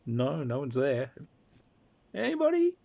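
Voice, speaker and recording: A man's voice: mid-range voice, moderate pace, breathy edge. A man casually telling an anecdote from running a role-playing game, full of ums. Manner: animated, chuckling, many ums. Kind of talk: casual storytelling. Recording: dull lo-fi recording.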